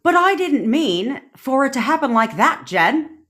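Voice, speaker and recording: A woman voicing a female coworker in a put-on UK accent, high and apologetic in a sing-song way. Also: sing-song, a little slow, fairly bright tone, full character voice.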